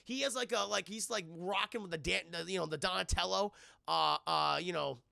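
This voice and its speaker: Gravelly young male streamer. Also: sits high, moderate pace, bright, forceful tone, no room sound, studio quality. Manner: rambling, profane, addresses chat. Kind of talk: live stream movie recap.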